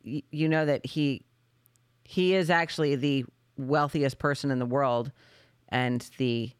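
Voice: mid-range voice, steady tone, measured pace, clear, resonant tone, no room sound, studio quality. A podcast host in casual chat, sarcastic and mocking, steering the talk.

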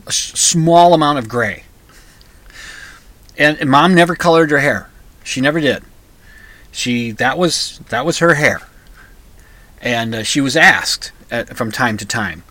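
Bright-voiced man telling a personal story. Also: medium pitch, no room sound. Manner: halting, many restarts and fillers. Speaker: podcast host. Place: comic book store.

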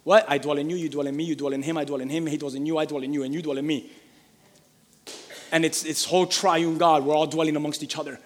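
A man preaching a sermon as pastor, fervent and repetitive, building up to shouting. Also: a little high, fairly even intonation, quick pace, long reverb tail. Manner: fervent, repeats phrases for emphasis, builds to shouting.

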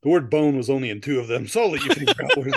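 A man's voice: mid-range voice, very animated, rapid-fire, heavy background noise. A man hosting a casual comedy podcast who jokes around, goes off on goofy tangents and laughs often. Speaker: podcast host.

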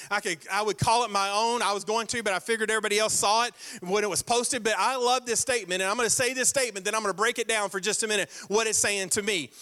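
A man preaching a sermon as pastor, emphatic and direct, repeating key lines, slowing down for scripture and teasing his congregation. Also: high-pitched, sharp tone. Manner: direct, playful jabs at the congregation.

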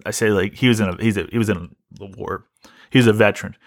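A man's voice: lowish voice, steady tone, fast talker, no echo. A man hosting a podcast who tells a story as an exasperated, wry rant and often repeats himself. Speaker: podcast host.

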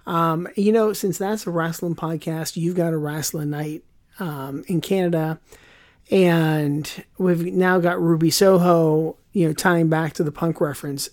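A man's voice: a little high, fairly even intonation, a little slow. A man co-hosting a podcast, rambling and joking through the sign-off with lots of fillers. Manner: rambling, jokey, filler-heavy. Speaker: podcast co-host. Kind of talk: casual podcast sign-off chat.

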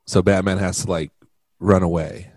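Laid-back low-voiced man chatting. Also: fairly even intonation, moderate pace, darkish tone, no room sound, studio quality. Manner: laid-back, laughs often, offhand. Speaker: podcast co-host. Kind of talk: casual chat.

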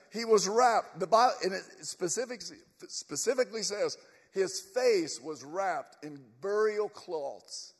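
High-voiced emphatic preacher in reverb. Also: male voice. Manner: emphatic, storytelling, addresses the congregation. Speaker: pastor. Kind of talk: sermon. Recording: long church reverb.

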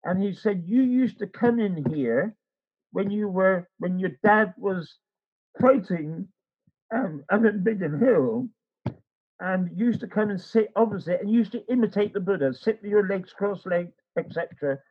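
A man's voice: high-pitched, animated, moderate pace, breathy edge, lo-fi sound. An older man telling a rambling personal story in casual chat, acting out the voices of the people in it. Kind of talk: casual anecdote.

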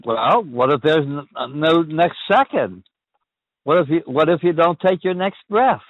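An older man hosts a call-in chat, pondering big questions aloud and tripping over his own restarts. His voice sits a little high and swings widely. It comes through dry and narrow, like a phone line. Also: lively intonation, unhurried, no echo. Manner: ponderous, repeats and restarts phrases. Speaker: call-in show host.

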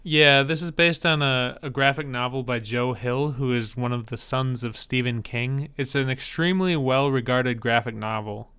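A man co-hosting a casual podcast about trailers, speaking in an even, matter-of-fact way. His voice is bright and smooth, and he gives his opinions plainly and dryly. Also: medium pitch, moderate pace, few pauses. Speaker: podcast co-host. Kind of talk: casual trailer-review chat.

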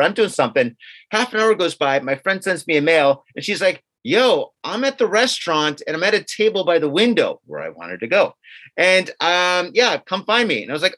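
A man co-hosting a podcast, telling a story casually and acting out what others said, with some swearing. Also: a little high. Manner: animated, acts out quotes of others with swearing. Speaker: podcast co-host.

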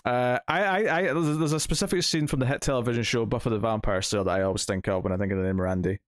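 A man's voice: medium pitch, quick pace, no echo, studio quality. A man in his thirties chatting casually about a comic issue, rambling with many restarts and fillers. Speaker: comic book podcast host. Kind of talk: casual chat reviewing a comic.

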